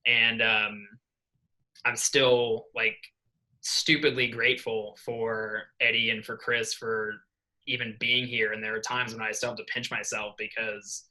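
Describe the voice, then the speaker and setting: A man's voice: lowish voice, little pitch movement, unhurried, pushed and bright, poor audio. A young man in his twenties, an assistant swim coach, telling a long story in a podcast interview, rambling and earnest with many fillers.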